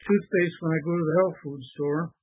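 A man's voice: on the high side, fairly even intonation, brisk, husky, dry recording. A man chiming in on a casual call-in chat in a matter-of-fact way. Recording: tinny phone-line audio.

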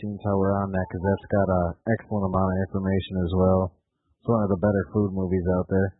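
A man calling in to a casual chat show, telling things in a laid-back, drawn-out way. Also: deep voice, monotone, dry recording. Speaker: caller. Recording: tinny phone-line audio.

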